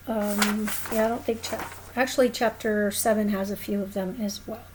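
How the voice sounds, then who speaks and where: A woman's voice: mid-range voice, steady tone, moderate pace, few pauses, noisy background. A woman teaching a recorded lesson, explaining patiently at a whiteboard and often checking in with "okay?". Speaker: Spanish teacher.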